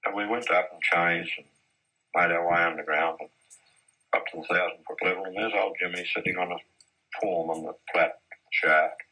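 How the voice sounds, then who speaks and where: A man with a deep, husky voice recalls his old mining days in a measured, anecdotal way. His tone is bright and forceful despite the low pitch. It sounds like a 1970s archive interview. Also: steady tone, rough recording. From Australia. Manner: measured, anecdotal, with occasional restarts. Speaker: interviewee, former mine boss. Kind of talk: reminiscing storytelling in an interview.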